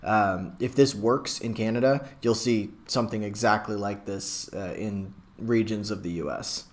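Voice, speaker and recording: Rambling excitable young man. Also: fairly low pitch, normal speed. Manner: excitable, rambling, lots of likes and you knows. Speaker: reaction video host. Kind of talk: casual reaction commentary. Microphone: webcam.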